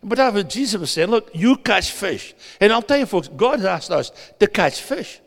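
A man preaching a sermon as a guest preacher, animated, swinging between loud and hushed and putting questions to the audience. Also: sits high, brisk, creaky. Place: church hall. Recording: long hall reverb.

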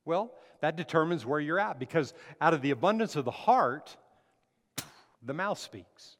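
A man's voice: fairly high pitch, animated, normal speed. A man preaching a sermon, asking the congregation questions and building emphasis as he speaks. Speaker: pastor. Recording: long hall reverb.

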